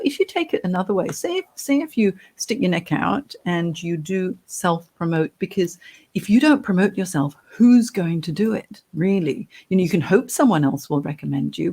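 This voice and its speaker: A woman career coach hosting a live webinar interview over a video call, chatting and reading out viewers' comments. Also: fairly low pitch. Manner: warm chatty, reads out comments.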